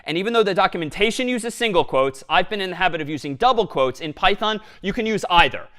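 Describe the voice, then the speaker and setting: Lively male programming lecturer. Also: high-pitched, quick pace. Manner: explains step by step, lively and engaged. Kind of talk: university lecture with live coding.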